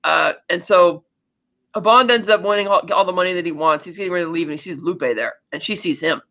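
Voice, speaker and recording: A woman with a bright, sharp voice retells a movie scene by scene in relaxed podcast chat. Her mic sounds dull and lo-fi, taking the top off her voice. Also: fairly low pitch, fairly quick. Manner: chatty storytelling, acts out film dialogue. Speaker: podcast co-host. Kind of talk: casual film-recap chat.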